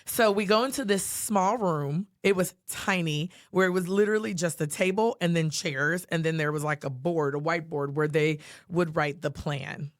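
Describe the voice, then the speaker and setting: A podcast co-host telling a personal story in a lively way, acting out the quoted lines. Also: medium pitch, normal speed, hardly any pauses, dry recording, studio quality. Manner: animated storyteller who acts out quotes, with many fillers.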